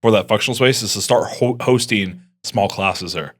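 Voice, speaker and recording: Lower-voiced, easygoing male podcast co-host. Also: normal speed. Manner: easygoing, joking banter. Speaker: podcast co-host and fitness coach. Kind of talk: casual podcast chat.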